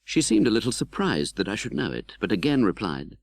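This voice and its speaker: Expressive male audiobook narrator. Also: on the low side, fairly quick, vocal fry, dry recording, studio quality. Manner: expressive, dramatic, voices the hero's pleas. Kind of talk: scripted narration.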